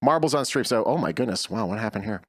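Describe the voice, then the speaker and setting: Lively man hosting a stream. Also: on the low side, fast. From Boston. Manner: rambling, many fillers, laughs often. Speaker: host. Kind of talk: casual live-stream chat.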